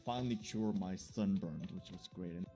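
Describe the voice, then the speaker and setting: Man, gameplay commentary, jokey, excitable, mellow tone, faint music behind. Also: low voice, normal speed. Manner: excitable and jokey, laughs often. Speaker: gaming video creator.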